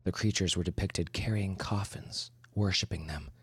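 A man narrating a horror story in a measured, dramatic way, sometimes dropping to a whisper. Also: sits low, no echo. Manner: measured, dramatic, drops to a whisper for tense moments. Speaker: podcast host and story narrator. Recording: narration over clear music.

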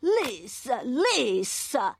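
A woman's voice: fairly high pitch, sing-song, drawn-out words, gravelly, breathy edge, no echo, full character voice. A woman voicing a smug young cartoon boy who drawls in a mock-suave way. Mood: smarmy. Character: smug young boy showing off, slow and smarmy.

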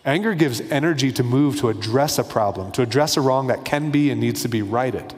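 A man's voice: mid-range voice, a little fast. Conversational male preacher in a reverberant hall. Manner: conversational, acts out little dialogues. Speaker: pastor. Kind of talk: sermon.

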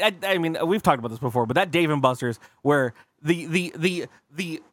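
Co-hosting a podcast, a man from California tells rambling stories full of swearing in a casual conversation, impersonating the people he quotes. His voice is fairly high and fairly bright, with no room sound.

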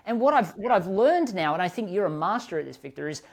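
A man hosting a podcast interview, telling stories in an animated, expressive way with sudden lifts in his voice. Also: creaky. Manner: animated, expressive storytelling with quick rises in pitch. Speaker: podcast host. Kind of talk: conversational interview.

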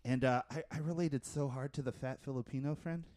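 A man's voice: mid-range voice, a little fast, no echo. Man, casual podcast chatter, dry close mic, talks through a story eagerly. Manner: chatty, animated storyteller, laughs often. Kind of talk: casual chat about movies.

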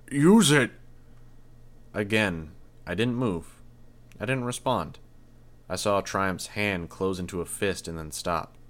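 A man narrating a first-person story in a tense, measured reading. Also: low-pitched. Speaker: audiobook narrator.

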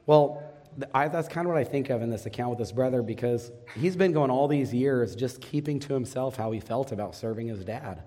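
Pastor preaching in a reverberant hall. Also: male voice, mid-range voice, fairly quick, warm tone. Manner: asks the congregation questions and answers them. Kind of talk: sermon. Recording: long reverb of a large hall.

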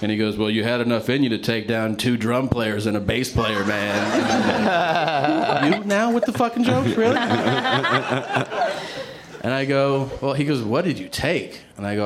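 A man in casual conversation tells a story at an ordinary middle pitch. He laughs often and slips into lively quoted voices, with plenty of fillers. A noticeable hiss of background noise runs under the recording. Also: moderate pace.

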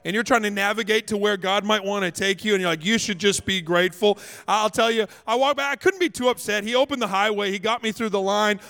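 A male pastor preaching a sermon as a lively, comic story, acting out the scenes. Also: high voice, quick pace, creaky, hardly any pauses. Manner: animated, comic, acts out scenes. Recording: long hall reverb.

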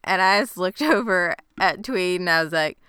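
A woman talks through a TV episode for a podcast in a casual, animated way. Her voice is bright and very clean, a touch lower than most. The sound is close and dry, with no room around it. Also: normal speed, smooth, dry recording. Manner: animated retelling, swearing and laughing. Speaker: podcast co-host. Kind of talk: casual TV recap chat.

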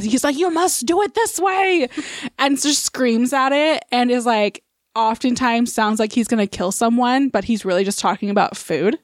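A woman's voice: fairly high pitch, dry recording, clean studio sound. A young woman in casual chat, talking freely with frequent swearing and laughter. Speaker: podcast co-host.

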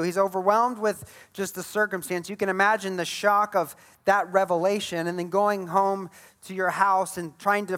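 A man with a high, light voice delivers a sermon to his congregation. He tells the Bible story with animated energy, slipping into the voices of the people in it. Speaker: pastor.

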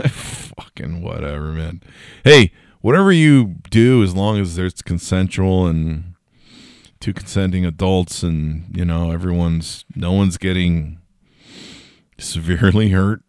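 A man's voice: sits low, measured pace, darkish tone, clean tone, dry recording, clean studio sound. A man hosting a casual solo news podcast, tired and yawning, rambling with jokes and swearing. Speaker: podcast host.

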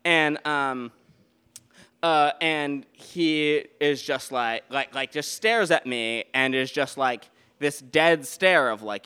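A man telling a true story live on stage at a beer garden show, in a rambling, animated way with many restarts and fillers. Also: medium pitch, slow pace, clean tone.

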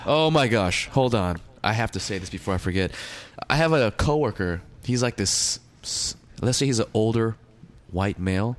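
A man's voice: on the low side, normal speed. A young man co-hosting a casual comedy podcast, telling stories with sarcasm and acting out the people he quotes. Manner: animated storyteller, acts out quotes, sarcastic. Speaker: podcast co-host.

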